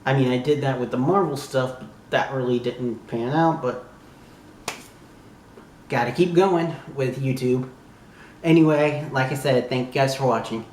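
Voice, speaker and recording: A young man from the southern United States talking casually as a YouTube reviewer, gushing and exclaiming like an excited fan who swears freely. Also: medium pitch, normal speed, pauses often, slight background noise. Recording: echoey room.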